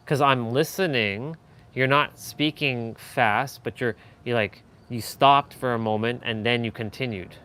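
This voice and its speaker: Coaching a viewer on speaking during his live stream, this man offers casual feedback in a mid-range voice at a measured pace. The sound is pushed and bright, and the recording is clean. His delivery is loose, with plenty of fillers and restarts, and he swings his voice up and down as examples.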